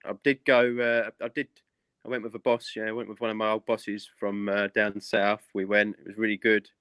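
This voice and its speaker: A man's voice: lowish voice, level tone, brisk, a bit bright, clean tone, no echo. A man, a gardener, chatting on a video call in an easygoing, plain-spoken way and often repeating himself. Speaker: guest gardener. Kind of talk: casual chat.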